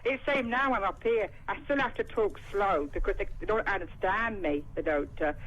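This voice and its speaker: A woman's voice: mid-range voice, normal speed, fairly bright tone. Rambling Cockney woman on a phone-in. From London. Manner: rambling, full of "and that". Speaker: caller. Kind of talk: casual phone-in chat. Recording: dull phone line with faint noise.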